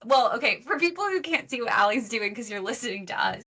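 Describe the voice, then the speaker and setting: Bright-voiced woman co-host. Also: a little high, expressive, fast talker, slightly rough. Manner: supportive, prompting with questions. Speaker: podcast co-host. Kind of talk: casual chat.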